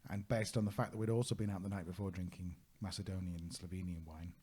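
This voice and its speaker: Man, travel podcast co-host, deep, dark husky voice, chatty storytelling, often laughs. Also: little pitch movement, fast talker. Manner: chatty anecdotal, laughs often, searches for words. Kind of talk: casual conversational storytelling.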